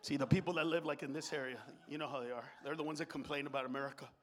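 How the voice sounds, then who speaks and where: A middle-aged man doing live stand-up in a comedy club, profane and shouting, dropping Spanish slang. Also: on the high side, steady tone, racing, slight background noise.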